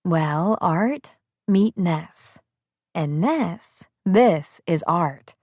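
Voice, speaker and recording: A woman voicing a kind young mother who speaks gently and patiently. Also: on the low side, animated, extremely slow, no echo, studio quality, heavily acted. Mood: gentle.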